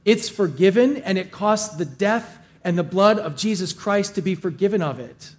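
A male pastor preaching a sermon, reading scripture and retelling it in casual, animated paraphrase. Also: high-pitched, moderate pace.

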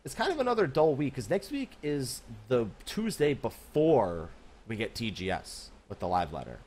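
A man's voice: medium pitch, sing-song, normal speed, darkish tone. A man co-hosting a casual gaming podcast over a video call, laughing easily. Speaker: podcast co-host.

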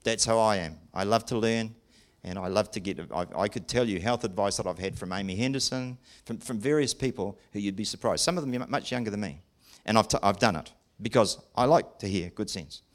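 A man's voice: fairly low pitch, fairly quick. An older man preaching a sermon in a church, plain-spoken and self-deprecating.

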